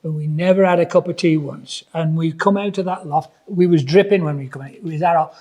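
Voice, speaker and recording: Man, husky, slightly high, rambling casual chat. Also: fairly quick, a little mellow. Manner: rambling, hesitant, lots of fillers and restarts. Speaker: podcast co-host, tradesman.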